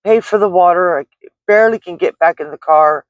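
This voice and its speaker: A middle-aged delivery driver tells her vlog viewers about a scary experience, rambling and shaken, with plenty of restarts and filler words. Her voice sits on the low side and runs a little fast; the audio is dull, with no room sound.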